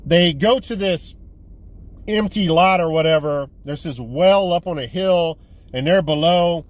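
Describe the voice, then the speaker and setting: A man with a fairly high voice retells a movie plot in a loose, rambling way, swearing freely and restarting his sentences. He sounds like a casual video review of a movie haul, with vehicle noise faintly in the background. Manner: rambling, profane, animated retelling. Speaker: movie collector vlogger.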